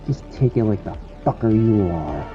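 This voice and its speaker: A man voicing a cruel, hulking male wolf-beast monster in a horror story, deep and taunting. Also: animated, normal speed, highs cut off, music in the background, lightly acted. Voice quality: deep, gravelly, macho. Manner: taunting, mocking.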